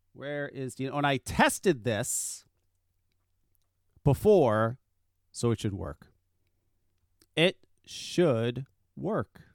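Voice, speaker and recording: A man's voice: fairly high pitch, clear, resonant tone, no echo, studio quality. A man hosting a talk radio show, chatting casually in a rambling, profane way and laughing often.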